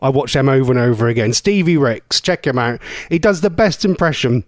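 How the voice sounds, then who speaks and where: A man's voice: medium pitch, animated, no echo, clean studio sound. Chatty male radio host. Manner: chatty, rambling, playful, quick asides. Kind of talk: casual radio chat. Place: radio studio. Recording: loud music bed under speech.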